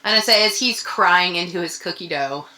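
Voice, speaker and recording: Bright-voiced woman narrating a tabletop game. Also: on the low side. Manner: chatty, halting, voices characters. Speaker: game master.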